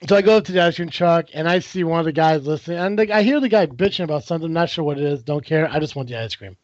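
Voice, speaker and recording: A man with a fairly high voice tells a workplace story in casual podcast chat. He swears freely and puts on the other people's lines as he goes. The sound is dull and dry, like a lo-fi home podcast mic. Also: rapid-fire, dry recording. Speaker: podcast co-host telling a story.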